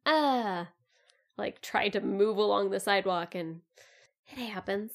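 Woman co-host, unhurried chatty delivery, easygoing, mid pitch. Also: vocal fry. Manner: unhurried, easygoing, laughs often. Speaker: podcast co-host. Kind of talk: casual podcast chat.

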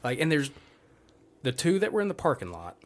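A man's voice: a little high, sing-song, fairly quick. A young man telling a long, rambling, profanity-laced story to friends on a casual podcast. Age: young adult. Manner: profane, rambling anecdote with quoted dialogue. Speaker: podcast host.

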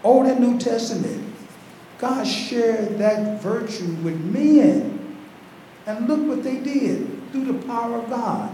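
High-voiced preaching pastor in echoing church. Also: male voice, expressive, slow, mellow. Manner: preaching with rising fervor and repetition. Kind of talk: sermon. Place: large echoing church hall. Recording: very echoey church hall, faint background noise.

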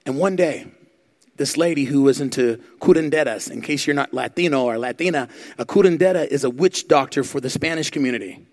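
A man preaching a sermon, telling animated stories and calling on the crowd to answer. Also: a little high. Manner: animated, acts out quotes, asks the crowd for response. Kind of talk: sermon storytelling.

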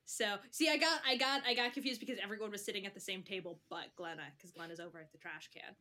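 A woman narrating a tabletop role-play game as game master, laughing often and talking in a halting, chatty way. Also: mid-range voice, sharp tone.

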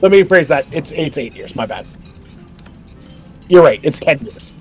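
Here a man does a high-pitched elf woman who fusses and stammers. She is motherly, keeps squirrels about her, and falters whenever she is asked hard questions, as in a tabletop game. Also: animated, normal speed, darkish tone, faint music behind, natural voice. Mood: flustered. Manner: hesitant, stammering.

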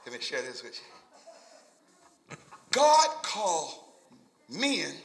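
A man's voice: fairly high pitch, huge pitch swings, takes it slowly, echoey room, a crowd in the background. A male pastor preaching a sermon in a rhythmic, repetitive call-and-response style with folksy vernacular phrasing. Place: church sanctuary.

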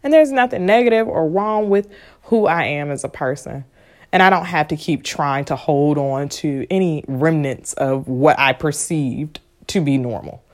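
A woman giving casual motivational talk, frank and animated with lots of profanity, sometimes dropping into a hushed whisper. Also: low voice, normal speed. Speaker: vlogger and spiritual speaker.

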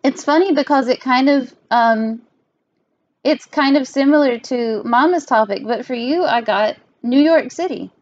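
A woman's voice: high voice, unhurried, darkish tone, lo-fi sound, a little hiss or hum. A young woman, hosting a casual podcast chat with her father, giggly and full of fillers. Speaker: podcast host.

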